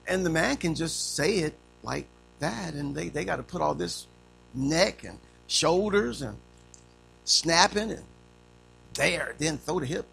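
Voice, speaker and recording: High, gravelly preacher man in his fifties. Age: 50s. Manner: animated storytelling, acting out quotes; humorous. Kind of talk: sermon.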